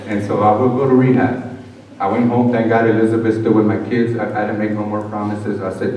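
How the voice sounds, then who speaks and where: Male speaker, animated storytelling testimony, echoey hall, distant mic. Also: fairly low pitch, a little fast, background noise. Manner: animated storyteller, acting out dialogue. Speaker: conference speaker. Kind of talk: personal testimony speech. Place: conference hall.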